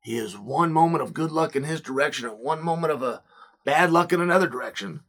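A man delivers solo commentary with a high, bright, husky voice. He hammers points with repeated rhetorical questions, leaping from loud bursts to quiet mutters. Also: quick pace. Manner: emphatic, swings between loud punches and low muttering. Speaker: podcast host.

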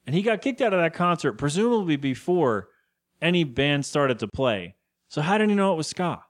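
A man's voice: a little high, sing-song, normal speed. A young man co-hosting a podcast, rambling through a TV episode recap and acting out the characters' lines in put-on voices. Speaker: podcast co-host. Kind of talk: casual chat recapping a TV episode.

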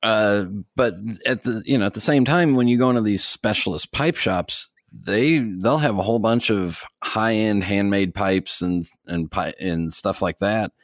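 An American man with a very low voice, chatting on a podcast. He rambles along with lots of fillers and soft chuckles. The sound is dry and close. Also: a little slow, few pauses, dry recording. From United States. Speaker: podcast co-host. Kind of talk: casual podcast chat.

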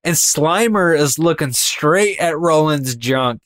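A man's voice: a little high, lively intonation, takes it slowly, a bit bright, no room sound, studio quality. A man co-hosting a casual podcast, talking animatedly and mimicking voices for effect. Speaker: podcast co-host. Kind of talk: casual chat.

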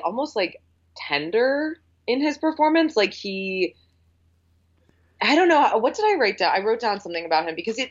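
Lo-fi chatty woman film critic. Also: on the low side. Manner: chatty, laughs often. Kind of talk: casual film podcast chat. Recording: dull lo-fi sound.

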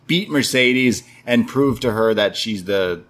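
A man co-hosting a wrestling review podcast, recapping the show in casual chat and acting out quoted lines. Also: unhurried. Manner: animated, acts out quoted lines in high voices.

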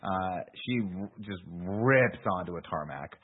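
A man's voice: low voice, lively intonation, measured pace, breathy edge. A man co-hosting a podcast, casually recapping a movie plot, swearing freely and acting out quoted lines. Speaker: podcast co-host. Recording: tinny phone-like audio.

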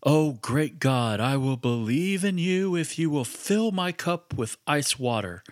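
A sarcastic adult atheist inmate, put on by a man telling the story, calls out to the sky in a mocking, theatrical plea. His voice jumps up high and sounds set back from the microphone. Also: animated, a little slow.

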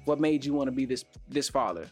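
A man's voice: medium pitch, quick pace, soft background music. A young man hosting a casual podcast chat, telling stories in slang and acting out the quotes he tells. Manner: animated, acts out quotes, slangy. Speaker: podcast host.

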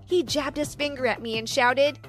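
A woman's voice: high-pitched, steady tone, normal speed, fairly bright tone, soft background music. A young woman narrating a first-person story in a dramatic storytelling manner. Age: young adult.

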